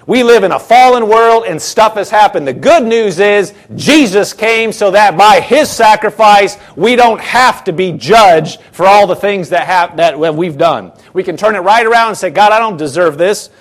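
A man's voice: high-pitched, normal speed, hardly any pauses. A man preaching a sermon in an earnest, conversational way, acting out quoted thoughts.

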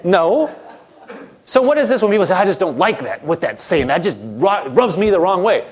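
A man's voice: high voice, very animated, normal speed. A man preaching a sermon in a direct, conversational way, acting out quoted objections as he goes.

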